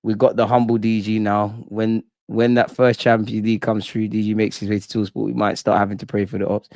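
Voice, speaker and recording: In a fired-up post-match reaction stream, a young football fan channel host rants live with slang and swearing, reading out the chat. His voice is fairly low and fairly quick, and the recording is dry and close.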